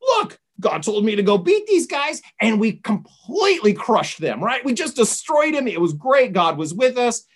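A woman's voice: a little high, very animated, normal speed, hardly any pauses. A woman doing an eager, excusing king. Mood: boastful. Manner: eager, defensive, pleading. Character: flustered king making excuses, man.

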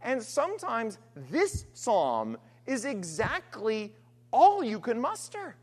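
A woman preaching a sermon, earnest and emphatic, alternating forceful stress with quiet, trailing phrases. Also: on the high side, wildly swooping pitch, slow pace, breathy edge. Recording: long hall reverb.

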